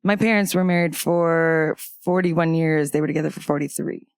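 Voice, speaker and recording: A woman's voice: deep voice, fairly even intonation, moderate pace, clear, resonant tone, no echo. Candid woman telling a grief story. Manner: candid, wry humor mixed with grief. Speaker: podcast guest. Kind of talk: personal storytelling in conversation.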